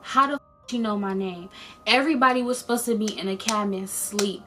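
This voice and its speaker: A young woman casually retelling a personal story in a lively vlog, full of slang and dramatic quoted voices. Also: medium pitch, a little fast, a little hiss or hum. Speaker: storyteller vlogger.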